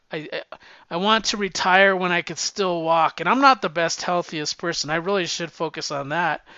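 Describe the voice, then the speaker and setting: Someone in their fifties rambles candidly and profanely, often restarting and sounding a bit winded. The voice is medium-pitched, fairly bright and clean, with no room sound, though the recording has a dull lo-fi quality.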